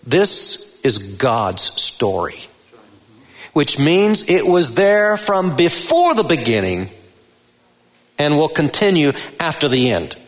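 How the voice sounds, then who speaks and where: A male pastor preaching a sermon in a church sanctuary, deliberate and emphatic, lifting his voice on key words. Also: on the high side, sing-song. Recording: long reverb of a large hall.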